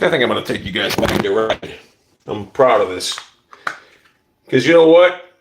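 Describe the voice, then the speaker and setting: A man's voice: mid-range voice, background noise. A middle-aged man livestreaming casually from his yard on a phone, telling stories bluntly with heavy cursing. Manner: profane, blunt ranting; animated storytelling. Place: outdoors in a yard.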